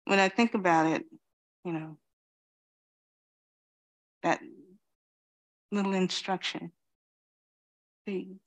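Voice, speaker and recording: A woman gives a dharma talk, reflective and unhurried. She is in her fifties, speaks slowly and pauses often, with many "you know"s between her thoughts. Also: fairly low pitch, steady tone. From Queens, New York. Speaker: Zen teacher.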